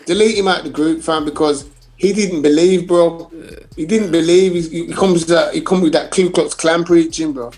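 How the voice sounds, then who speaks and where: A man's voice: a little high, steady tone, moderate pace, darkish tone. A man co-hosting a casual football chat, using a lot of slang and repeating his points emphatically. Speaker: podcast co-host.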